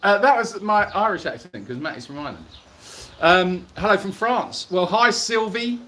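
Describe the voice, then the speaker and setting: A man's voice: high-pitched, animated, normal speed, pushed and bright. A man co-hosting a casual live Q&A stream outdoors at an animal sanctuary, jokey and teasing as he reads out viewer comments.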